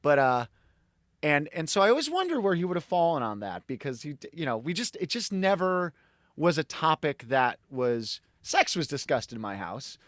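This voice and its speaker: A middle-aged man from Connecticut, a podcast guest telling animated, rambling stories in casual conversation. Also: on the high side, normal speed, no room sound, clean studio sound. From Connecticut, USA.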